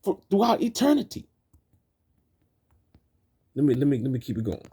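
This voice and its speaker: Husky, preachy man ranting in street slang. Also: mid-range voice, very animated, normal speed, mellow. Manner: repetitive, stumbling restarts. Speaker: video host. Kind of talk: ranting commentary over film clips.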